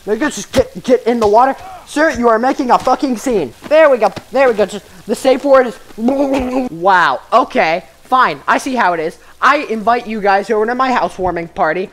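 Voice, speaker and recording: A woman's voice: fairly high pitch, fairly bright tone. A woman giving comedic, profane commentary while playing a VR game and chatting with its characters. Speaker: gamer.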